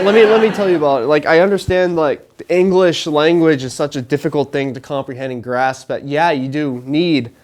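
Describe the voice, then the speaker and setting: A young man in college, hosting a live show with a rambling, jokey monologue, laughing through his lines. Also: fairly high pitch. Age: young adult. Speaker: host. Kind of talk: stand-up style monologue to a live audience. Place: live show before an audience.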